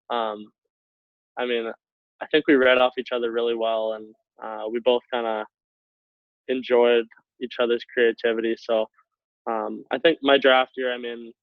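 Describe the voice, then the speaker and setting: A young Canadian man, a hockey player appearing as a guest, tells casual stories in a relaxed, filler-heavy way and laughs often. His medium-pitched voice comes over an internet call with a tinny, phone-like, dry sound and no room noise.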